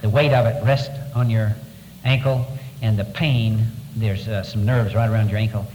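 A man giving a first-person testimony to an audience, telling his story in an earnest, halting way, his voice sinking low at the hardest moments. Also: fairly even intonation, darkish tone, long reverb tail, a little hiss or hum, rough recording. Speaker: former prisoner of war giving testimony.

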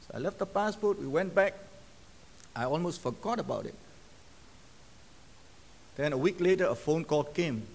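Lively high-voiced male preacher. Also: moderate pace, creaky, long pauses. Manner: storytelling, acting out quoted dialogue. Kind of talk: sermon testimony. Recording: long hall reverb.

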